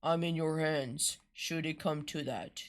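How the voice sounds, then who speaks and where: A woman's voice: low-pitched, steady tone, a little slow. Woman reading a weary, unflustered man. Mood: dry.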